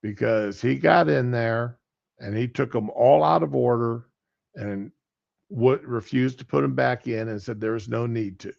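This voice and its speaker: Very gravelly man telling a story. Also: mid-range voice, unhurried, darkish tone, dull audio. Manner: folksy, plain-spoken storyteller. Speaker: livestream host. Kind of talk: casual storytelling.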